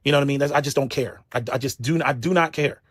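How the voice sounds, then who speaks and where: A man's voice: mid-range voice, fast talker, no echo, clean studio sound. A man hosting a show, delivering a heated, profane commentary rant, stumbling over repeated words and climbing into bursts of disbelief. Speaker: host.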